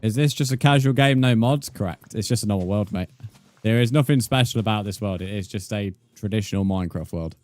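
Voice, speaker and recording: A man's voice: lowish voice, brisk, a little mellow, dry recording. A man, chatting casually with viewers while he plays a game on a livestream and calling them mate. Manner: laid-back, chatty, calls viewers mate. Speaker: game streamer.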